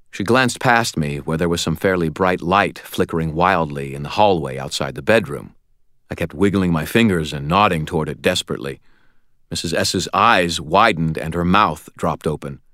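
A man narrating an audiobook in a wry, expressive storytelling manner. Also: sits low, normal speed, no room sound, clean studio sound.

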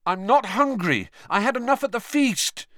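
A man's voice: high-pitched, wildly swooping pitch, takes it slowly, a bit bright, no echo, studio quality, voice pushed up, exaggerated voice. A man reading aloud and voicing a tired, flustered teenage boy wizard who keeps protesting.

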